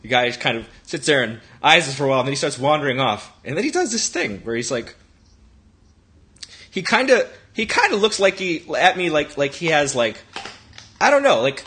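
A man's voice: fairly high pitch, very animated, moderate pace, sharp tone, husky. A man co-hosting a podcast, telling a rambling, profane anecdote in casual chat. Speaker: podcast co-host.

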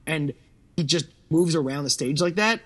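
A man's voice: a little high, lively intonation, moderate pace, a bit bright. A man co-hosting a casual podcast, talking with enthusiasm, swearing casually and humming tunes to make his point. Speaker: podcast co-host. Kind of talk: casual chat.

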